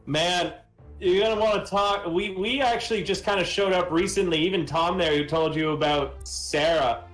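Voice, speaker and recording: A man's voice: high-pitched, moderate pace, fairly bright tone, echoey room, faint music behind. A man voicing a casual, talkative male party guest in a tabletop game. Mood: chatty. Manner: offhand, chatty, crude.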